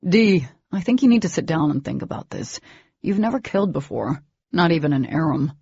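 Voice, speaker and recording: A woman voicing a steady young man who speaks in a calm, coaxing way. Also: low voice, fairly quick, vocal fry, breathy edge, no room sound, exaggerated voice. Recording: dull lo-fi recording.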